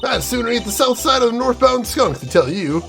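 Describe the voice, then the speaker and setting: A man's voice: very high voice, animated, brisk, creaky, fairly bright tone, soft background music, pitched above the performer's own voice, heavily acted. Man doing a folksy Southern woman. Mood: sassy. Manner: drawling, homespun sayings.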